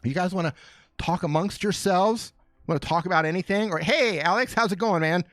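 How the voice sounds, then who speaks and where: His high-pitched voice moves a little fast on a dry recording as he runs a casual live Q&A stream from a small studio. He's excited and fired up, joking and greeting viewers by name.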